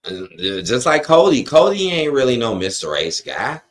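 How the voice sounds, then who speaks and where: Male streamer: animated, frustrated ranter with a wide-ranging pitch and lots of profanity. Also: moderate pace. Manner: frustrated, profane ranting, reads chat aloud. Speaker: wrestling watch-along streamer. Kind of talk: live-stream reaction rant.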